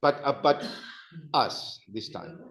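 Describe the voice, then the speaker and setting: A man's voice: lowish voice, lively intonation, takes it slowly, gravelly, a bit bright, reverberant, low-quality recording. A man teaching a language class, patiently repeating phrases for his students to drill. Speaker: Spanish teacher.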